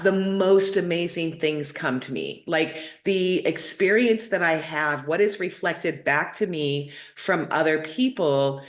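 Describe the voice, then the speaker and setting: A middle-aged woman with a low voice, telling her viewers a personal story in a casual, rambling way. She loops back over her words, restarts sentences and fills gaps as she talks. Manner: chatty, rambling, with many fillers and restarts. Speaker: host of a spiritual talk show.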